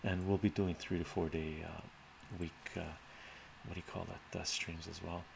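A man's voice: sits low, flat delivery, moderate pace, gravelly, darkish tone, slight background noise. A man hosting a live stream, reading out chat questions and musing through them in a thoughtful, rambling way with sighs and fillers.

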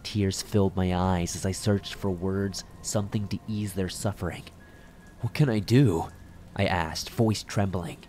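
A man narrating a scripted horror story in a measured, dramatic way. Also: low voice, flat delivery, darkish tone, a little hiss or hum.

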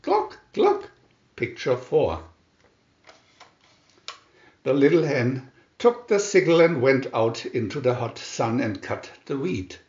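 Slow, lively male storybook reader. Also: medium pitch. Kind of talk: storybook read-aloud. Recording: roomy, dull lo-fi home recording.

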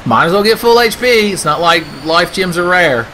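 A sarcastic man rants through his gameplay commentary, swearing constantly and slipping into silly voices. His voice sits a bit high for a man, and a faint hum of ambience lingers behind him. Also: expressive, moderate pace, bright, forceful tone. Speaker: gaming video host. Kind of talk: profane comedic Let's Play commentary.

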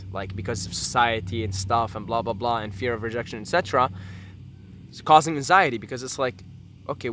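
A man's voice: mid-range voice, a bit bright, slight background noise. A young man talking to his camera in a casual vlog, earnest and rambling, swearing freely and drifting off on tangents. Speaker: YouTuber.

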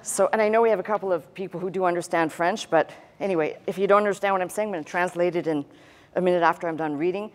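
A woman pastor delivers a teaching sermon in a lowish voice. She talks conversationally, slipping in dry, humorous asides, and demonstrates her points with a pen on a tablet. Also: fast.

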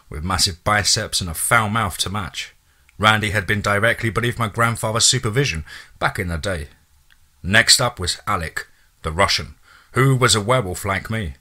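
A man narrating a first-person horror story in a casual, profane way, with a husky voice. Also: fairly low pitch, pushed and bright.

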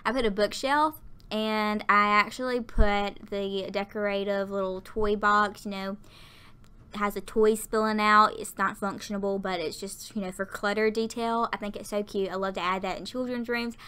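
A young woman from lower Alabama, chatting and rambling through a casual video game voiceover, audibly out of breath. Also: little pitch movement, moderate pace, bright, forceful tone, clear, resonant tone. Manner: rambling, chatty, lots of fillers. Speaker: Sims build YouTuber.

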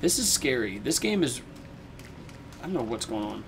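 A man playing a horror game and talking through it, swearing, rambling in confusion and yelling when startled. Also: mid-range voice, very animated, moderate pace, background noise. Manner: jumpy, swears a lot, yells when startled. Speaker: let's play gamer.

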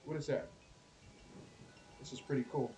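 A man doing casual, excitable gameplay commentary as a streamer, chatty and cursing at enemies. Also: mid-range voice, moderate pace, a little hiss or hum. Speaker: gaming streamer.

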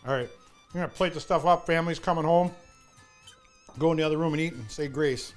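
A man's voice: on the high side, fast, soft background music. A man talking casually to the camera while cooking in his home kitchen, chatty and often addressing the folks watching. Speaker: home cook in sponsor segment.

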